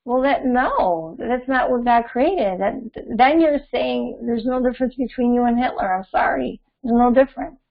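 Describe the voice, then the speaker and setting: A woman's voice: on the high side, moderate pace, creaky, hardly any pauses. A young adult woman hosting an astrology channel, talking in a rambling, preachy way with many fillers. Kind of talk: casual opinion monologue. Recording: dull lo-fi audio.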